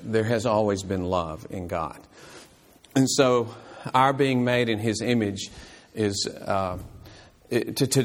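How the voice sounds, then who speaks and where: Earnest and explanatory, this lowish-voiced man leads a church Bible class, frequently stumbling over fillers and starting sentences again.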